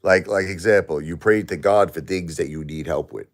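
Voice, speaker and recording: A middle-aged man live-streaming while grieving, talking to his chat in halting, repetitive, emotional bursts. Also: deep voice.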